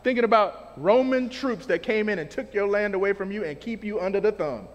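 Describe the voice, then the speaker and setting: A man preaching a sermon in a casual, animated way, using everyday slang as he explains scripture. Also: high-pitched, a little fast, in a large hall.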